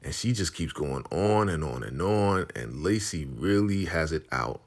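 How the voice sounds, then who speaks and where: A man recapping a TV episode in a casual, animated way. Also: sits low, unhurried. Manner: animated, playacting characters. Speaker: show recapper.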